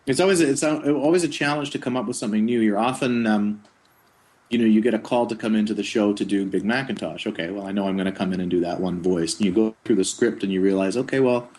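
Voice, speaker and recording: A middle-aged man, a voice actor, chatting casually in an interview, telling rambling stories with chuckles. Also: fairly low pitch. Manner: slips into quick character voices mid-sentence; relaxed, rambling storytelling with chuckles. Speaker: voice actor guest.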